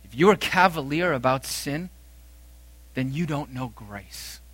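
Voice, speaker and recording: Forceful, emphatic male preacher. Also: expressive, a little slow, husky, dry recording. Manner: dramatic swings from loud emphatic declarations to quiet low phrases. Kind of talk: sermon.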